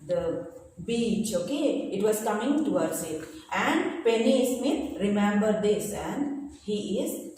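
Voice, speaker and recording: A woman teacher, slowly reading a textbook chapter to pupils and explaining each word in simple terms, with pauses and fillers. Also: fairly high pitch, a little mellow, distant mic. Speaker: school teacher. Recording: echoey room, voice from away from the mic, faint noise.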